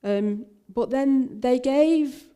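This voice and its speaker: A woman's voice: high voice, very slow, mellow, clean tone. An older woman minister, telling a personal story in a talk, with frequent fillers and restarts.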